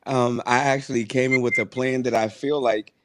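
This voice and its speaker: A man co-hosting a podcast, chatting excitedly and repeating himself for emphasis. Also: mid-range voice, moderate pace, a little hiss or hum. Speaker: podcast co-host. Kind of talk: casual chat.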